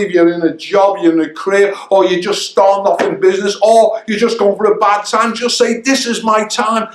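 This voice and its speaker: High-voiced older man coaching, echoey room. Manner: energetic, emphatic, repeats key phrases. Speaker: founder of a coaching academy. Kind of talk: motivational coaching talk. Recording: roomy echo.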